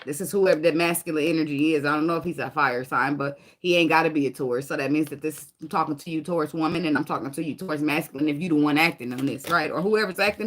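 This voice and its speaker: A woman's voice: sits low, a little hiss or hum. A woman giving a casual tarot reading, blunt and profane, laughing often and sliding into dramatic sarcasm. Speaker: tarot reader.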